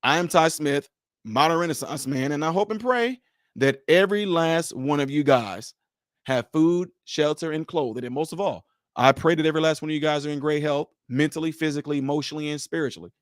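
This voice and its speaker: A man's voice: on the high side, a little fast, dry recording, studio quality. A man hosting a casual livestream for viewers, speaking emphatically with a preacher-like delivery. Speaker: livestream host.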